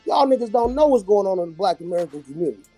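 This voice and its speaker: A man's voice: sits high, big pitch swings, racing, mellow, faint music behind. A man from California arguing bluntly and with profanity as a caller on an online panel. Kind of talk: heated online panel talk.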